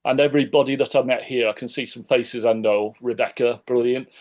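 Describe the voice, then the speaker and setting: A man's voice: mid-range voice, fairly even intonation, a little fast, darkish tone. Man, bubbly, chatty, lots of superlatives. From Sheffield, England. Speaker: conference attendee. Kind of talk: casual testimonial.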